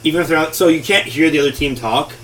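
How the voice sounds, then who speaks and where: A man chatting casually as a guest about video games, excitable and profane, sometimes shouting as he acts out other players. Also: fairly high pitch, quick pace. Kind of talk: casual chat. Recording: voice a bit far from mic, faint noise.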